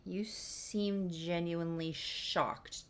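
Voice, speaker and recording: A woman voicing a blunt, sharp-tongued young woman in a storybook recap, in candid and slightly defensive talk. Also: on the low side, fairly even intonation, very slow.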